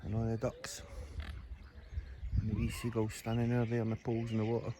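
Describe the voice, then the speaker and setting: A man's voice: mid-range voice, completely flat delivery, fairly quick, noisy background. A Scottish man chatting casually as he films a walk by a reservoir, rambling along and calling to his dog. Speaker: vlogger. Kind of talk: casual walking vlog narration. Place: outdoors by a reservoir. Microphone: handheld camera. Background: birds and outdoor sounds.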